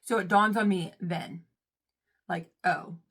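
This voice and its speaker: A woman's voice: lowish voice, fairly even intonation, slow pace, slightly rough. Chatty, dramatic young woman vlogger. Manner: chatty and dramatic, swinging from loud outbursts to hushed, whispery asides; self-mocking. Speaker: storytime vlogger. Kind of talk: casual storytime chat.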